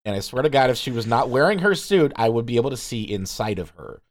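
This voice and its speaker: A man's voice: mid-range voice, sing-song, fast, a little hiss or hum. A man co-hosting a podcast, chatting casually with dry, sarcastic asides. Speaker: podcast co-host.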